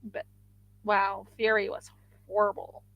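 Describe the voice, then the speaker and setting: A woman's voice: medium pitch, monotone, a little slow, no echo, muffled recording. A woman hosting a craft livestream, chatting casually and rambling with frequent restarts.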